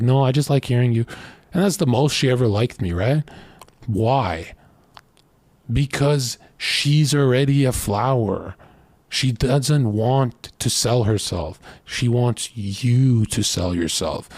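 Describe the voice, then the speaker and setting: A man's voice: medium pitch, a little mellow, dry recording. A man in his late twenties giving crude, boastful dating advice in a rambling casual monologue, often acting out what others say. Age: late 20s.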